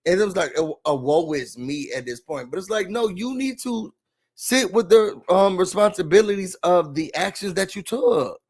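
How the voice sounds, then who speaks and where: A man hosting a casual reality TV recap, talking in an animated, dramatic way with slangy asides. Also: high voice, moderate pace, husky.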